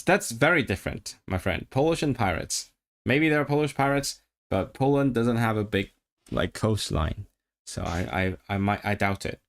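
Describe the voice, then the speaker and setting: A man casually chatting on a language-learning livestream, musing aloud, answering chat and practising rolled R sounds. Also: medium pitch.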